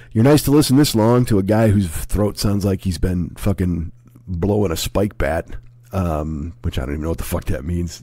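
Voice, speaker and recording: A man in his forties with a hoarse, sick voice, rambling and swearing through a casual podcast monologue at home. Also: on the low side, dark tone, no room sound. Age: 40s. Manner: profane, rambling, self-deprecating. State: hoarse, sick with a sore throat. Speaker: comedy podcast host.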